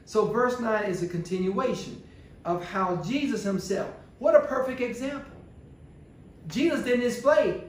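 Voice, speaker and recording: Male pastor, high voice, sermon with rhetorical questions, heavy church echo. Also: lively intonation, moderate pace. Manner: call-and-response preaching, rhetorical questions. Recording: very echoey church room.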